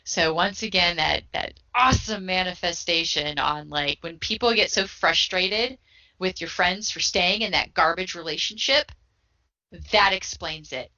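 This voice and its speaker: Casting: frank, chatty woman, bright lowish voice, dull lo-fi podcast audio. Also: unhurried. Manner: chatty, frank, swears casually, laughs often. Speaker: podcast co-host. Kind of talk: casual chat.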